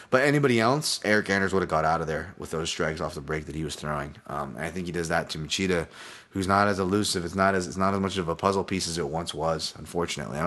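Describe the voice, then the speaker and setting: A man's voice: low voice, a bit bright. A man hosting a solo podcast, rambling casually, swearing freely and restarting his sentences. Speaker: podcast host, fight analyst.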